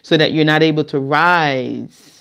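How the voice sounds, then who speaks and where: A woman co-hosting a spiritual talk show, calm and affirming, reassuring the listener. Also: low voice, unhurried, gravelly. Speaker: co-host. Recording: dull lo-fi sound.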